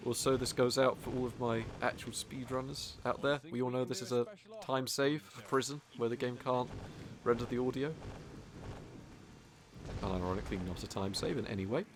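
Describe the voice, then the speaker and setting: Against a noisy background, a man with a medium-pitched voice and moderate pace jokes his way through a speedrun, teasing other players, cursing now and then, and filling his speech with fillers.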